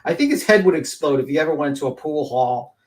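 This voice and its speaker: A man vents bluntly on a casual livestream and swears freely. His tone is exasperated, and his voice sits somewhat high for a man. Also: animated, quick pace. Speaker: co-host.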